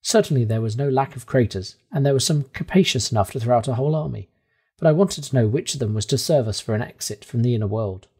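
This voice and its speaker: A man narrating a classic novel aloud in a steady, measured first-person storytelling manner. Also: mid-range voice, husky. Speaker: audiobook reader.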